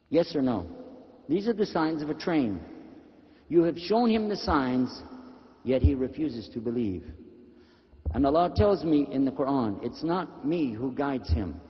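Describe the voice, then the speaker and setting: A male Islamic preacher giving a sermon to an audience, emphatic and asking his listeners rhetorical questions. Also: a little high. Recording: dull lo-fi recording with long reverb in a hall.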